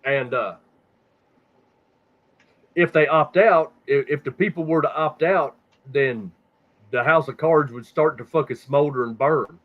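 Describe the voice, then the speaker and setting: Unhurried and pausing often, a man with a slightly high voice rambles and curses his way through casual conspiracy discussion as a podcast host. He repeats words when stuck, and the recording is dull and lo-fi.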